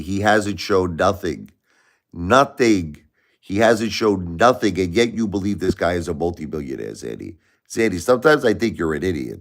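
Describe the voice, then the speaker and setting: A man hosting a casual late-night live stream from home, rambling, repeating himself and talking to viewers by name. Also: low voice. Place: home at night, family asleep.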